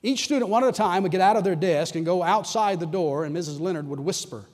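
A man with a fairly high voice preaches a sermon, earnest as he tells a story and quieter as he leads a prayer. His words ring out with a long reverb through a large church hall. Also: fast talker. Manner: earnest storytelling, dropping to a soft hush for prayer. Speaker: pastor.

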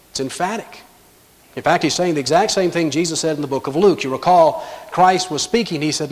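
A man with a high voice preaches an emphatic sermon as a pastor. He acts out the doubting voices of his congregation and answers them, and each word rings with a long reverb from a large hall. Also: expressive, brisk. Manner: emphatic preaching that acts out imagined objections and God's replies.

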